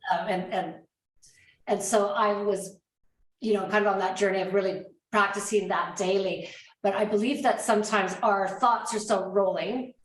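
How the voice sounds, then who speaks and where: Hosting a podcast interview, this woman speaks at a moderate pace in a mid-range voice with fairly even intonation. Thoughtful, she hunts for her words, wandering and starting over as she goes, in a space with a roomy echo.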